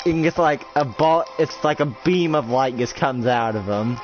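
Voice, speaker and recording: A man's voice: medium pitch, normal speed. A man improvising roleplay narration, rambling and full of filler, over dull lo-fi audio with music behind. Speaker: roleplay storyteller.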